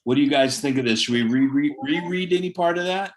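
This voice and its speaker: Male discussion leader, upbeat and eager, a bit high-pitched, video call. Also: quick pace, a little hiss or hum. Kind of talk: casual group discussion.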